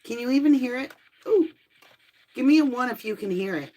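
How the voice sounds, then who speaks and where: A woman's voice: on the high side, animated, a little fast, mellow, rough recording. Woman host, casual live-stream chat, chatty and apologetic, phone mic. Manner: chatty, apologetic, talks to viewers while fiddling with gear. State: out of breath from the stairs. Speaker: host of a live tarot and spirit box stream.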